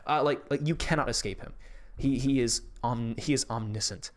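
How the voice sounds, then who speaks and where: A male streamer chats into his desk mic in a loose, rambling way. He curses freely and laughs easily, and his voice sits at an ordinary middle pitch. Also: normal speed. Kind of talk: casual live-stream chat.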